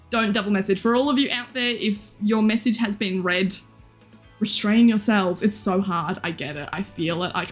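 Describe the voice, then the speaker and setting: A young woman in her twenties, live streaming and chatting casually with viewers in a bubbly, giggly, teasing way. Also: medium pitch. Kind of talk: casual chat reading viewer comments.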